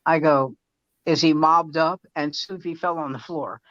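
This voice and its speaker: An older man and veteran comedian telling animated anecdotes in casual chat, acting out the quotes as he goes. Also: fairly high pitch, unhurried, no room sound. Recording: dull lo-fi sound.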